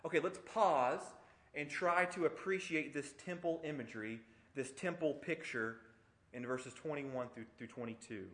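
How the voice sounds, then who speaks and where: A man's voice: fairly high pitch, moderate pace, fairly bright tone. A middle-aged man preaching an expository sermon, conversational and emphatic, with rhetorical questions. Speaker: pastor.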